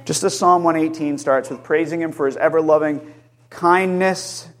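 Male pastor, sermon delivery, high tenor voice, emphatic, trails off low at phrase ends. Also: normal speed. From Maine, USA. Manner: emphatic, lifts his voice high on quoted cries.

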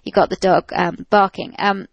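A woman's voice: mid-range voice, level tone, moderate pace, dry recording, muffled recording. A woman, a dog trainer giving practical advice in a chatty radio talk, with many fillers and restarts. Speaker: dog trainer answering listener questions. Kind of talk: radio call-in advice chat.

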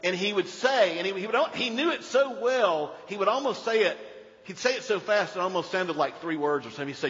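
Animated male pastor preaching in a hall. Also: fairly high pitch, normal speed. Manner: animated, swings from loud emphasis to hushed storytelling. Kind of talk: sermon. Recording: dull sound in a reverberant hall.

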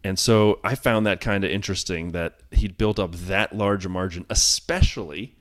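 Male podcast co-host, low register, wry deadpan storyteller. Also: normal speed. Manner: wry, self-mocking storyteller. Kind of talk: casual sports podcast chat.

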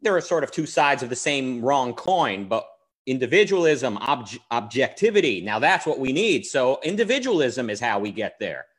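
A man's voice: medium pitch, very animated, normal speed, a bit bright, breathy edge. A man co-hosting a casual philosophical discussion who talks in a discursive way, restarting sentences and qualifying what he says. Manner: discursive, qualifies his statements, frequent restarts. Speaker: co-host.

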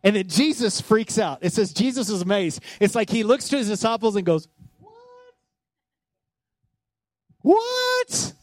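A man's voice: high-pitched, brisk, few pauses, a little mellow, dry recording. A man preaching a sermon, talking casually with the congregation and acting out scripture scenes. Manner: conversational, joking, asks the congregation; acts out scripture scenes in voices. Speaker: pastor.

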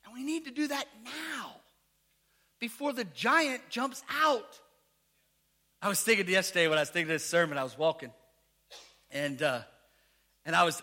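A male pastor preaching a sermon with a very high, piercing voice that sounds bright and tense. He shouts his points, asks the crowd for amens, and tells stories in folksy slang.

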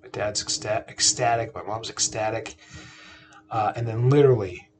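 With a lowish voice at a normal speed, a man in his thirties who hosts a podcast chats casually about his family. He frequently starts sentences over and asks the audience rhetorical questions.

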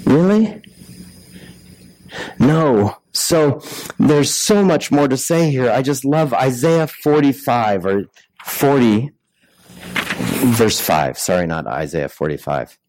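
A man's voice: mid-range voice, expressive, slow pace, darkish tone, no echo, poor audio. A man preaching a sermon in a conversational way, full of rhetorical questions and restarts. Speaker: pastor.

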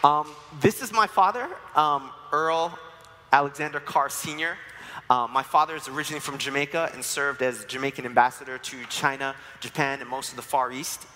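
A New York man in his forties gives a sermon in a church sanctuary, weaving in personal stories with playful humor. His medium-pitched, sharp voice holds a steady tone at a moderate pace, with the long reverb of a church hall and a little hiss or hum on the recording.

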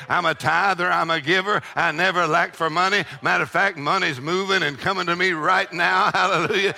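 A man, preaching a sermon with call-and-response, shouted peaks and laughing asides. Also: high-pitched, steady tone, brisk, vocal fry, few pauses. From Texas. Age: 60s. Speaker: pastor.

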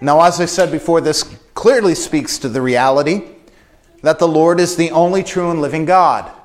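A man preaching an evening sermon, his voice a touch higher than most men's. He speaks earnestly and with emphasis, and he drives his points home by repeating key phrases. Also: moderate pace.

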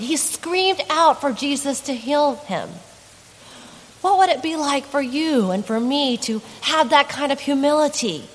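Earnest woman preaching in a reverberant hall. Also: high-pitched. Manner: earnest, conversational preaching with dramatic emphasis. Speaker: pastor. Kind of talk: sermon.

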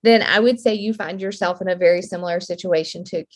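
A woman's voice: lowish voice, quick pace. A woman in her thirties hosting a devotional podcast, speaking earnestly with a slightly shaky, emotional voice. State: voice a little shaky, near tears. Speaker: podcast host.

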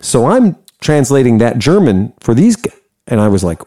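Profane, animated American man telling stories. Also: mid-range voice, normal speed. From United States. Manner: animated, profane, laughing storyteller. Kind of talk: casual storytelling.

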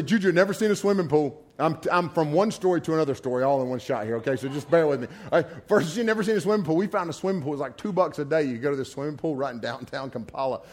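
A man preaching a sermon, telling folksy personal stories with frequent laughter. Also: on the high side. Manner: animated storyteller, laughs often, folksy asides.

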